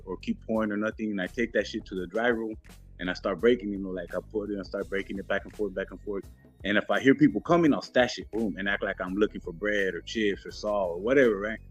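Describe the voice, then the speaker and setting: A man's voice: fairly low pitch, husky. A man as a podcast guest, telling a story casually in street slang, laid-back and acting out what others said. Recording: muffled with faint music.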